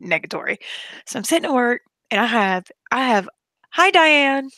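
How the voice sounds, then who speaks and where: Casual host, woman, animated storyteller, dry close sound. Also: fairly high pitch, normal speed, no room sound. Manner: animated, laughs through her story. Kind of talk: casual group chat, storytelling.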